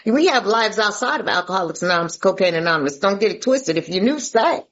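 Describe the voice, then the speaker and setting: A woman's voice: mid-range voice, expressive, fast talker, few pauses, fairly bright tone, highs cut off. A woman from Atlanta sharing her recovery story at a meeting, folksy and emphatic, calling listeners "baby".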